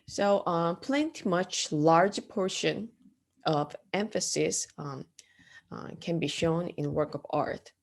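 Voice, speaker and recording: Woman art instructor, lecture, low voice, slow halting delivery, lots of ums. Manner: halting, frequent ums and uhs; explains terms step by step, asks the class questions.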